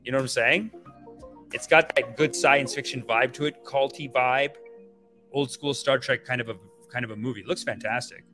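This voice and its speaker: A man hosting a podcast, chatting casually and reacting to a film trailer in an animated, profane, rambling way. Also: mid-range voice, moderate pace, soft background music. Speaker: podcast host.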